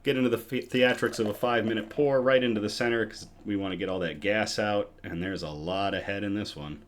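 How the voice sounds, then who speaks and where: A man's voice: lowish voice, steady tone, a little fast. A man hosting a casual live good-news show from home, chatty and upbeat, a little out of breath. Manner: chatty and upbeat, with chuckles and restarts.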